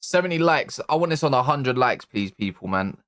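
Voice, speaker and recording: A man's voice: mid-range voice, expressive, a little fast, fairly bright tone, dry recording, studio quality. Exasperated slangy man. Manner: exasperated, slangy, swearing, rising to frantic outbursts. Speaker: football channel host. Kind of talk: live-streamed fan reaction. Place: indoor room.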